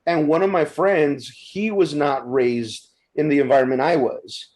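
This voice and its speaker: A man in his thirties of Mexican-American background, telling stories in a casual podcast chat, animated and stumbling over his words. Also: on the high side, measured pace. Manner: animated storyteller, frequent restarts and stumbles.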